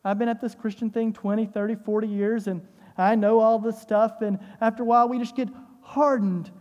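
Emphatic preacher, mellow voice, long reverb. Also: medium pitch, fairly even intonation, a little fast, dull audio. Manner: emphatic, with rhetorical questions and repetition. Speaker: pastor. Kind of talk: sermon.

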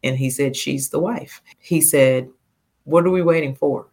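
A woman in her fifties, a podcast guest telling a personal story in a heartfelt, animated way, laughing now and then. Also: very deep voice, unhurried, husky. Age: 50s.

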